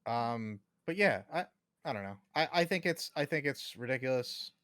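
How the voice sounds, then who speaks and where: A man co-hosting a casual podcast discussion, talking in an animated way and swearing casually. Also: mid-range voice, moderate pace, clear, resonant tone, no echo, clean studio sound. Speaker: co-host.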